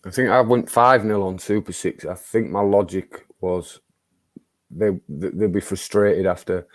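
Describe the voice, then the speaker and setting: A man's voice: low voice, unhurried, no room sound, studio quality. A man hosting a casual football chat, rambling with stop-start phrasing. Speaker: host running the prediction round.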